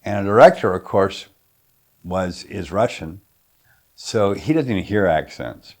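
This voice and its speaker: Very low-voiced man telling a story. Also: animated, a little slow, darkish tone. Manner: casual and rambling, with many fillers. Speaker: actor. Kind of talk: interview anecdote.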